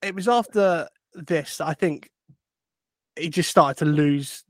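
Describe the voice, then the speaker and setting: Male co-host, measured and wry, slightly high, dry close mic. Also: no echo. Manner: wry, measured, reads quotes aloud. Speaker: podcast co-host. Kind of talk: casual football chat.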